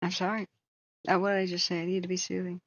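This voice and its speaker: A woman with a low voice ranting bluntly on her wildfire tracking channel. She speaks in a flat, heated tone and swears freely. The sound is dry, dull and lo-fi. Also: fast, dry recording. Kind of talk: angry commentary rant.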